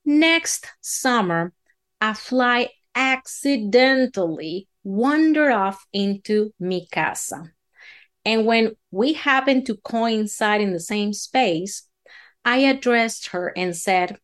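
Slow, drawling woman telling a tall tale. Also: fairly high pitch, expressive. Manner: drawling, dramatic, folksy. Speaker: storyteller.

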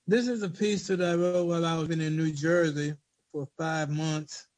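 A man's voice: on the high side, steady tone, moderate pace, darkish tone, no room sound, rough recording. A man speaking hesitantly about why he wrote a poem, then reciting it aloud in a rhythmic spoken-word delivery. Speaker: poet reading his own poem. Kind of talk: spoken word poetry reading.

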